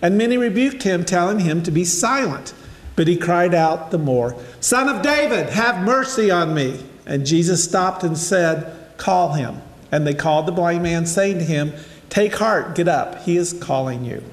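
A man's voice: on the high side, normal speed. Older man preaching in echoey hall. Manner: conversational, storytelling, addresses listeners directly. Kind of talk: casual sermon with Bible reading.

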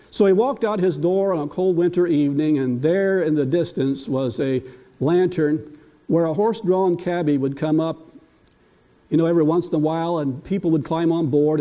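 A man's voice: on the high side, warm tone. An older man preaching a sermon in a church, folksy and self-deprecating, telling stories about his grandchildren. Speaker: pastor. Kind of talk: sermon with personal anecdotes.

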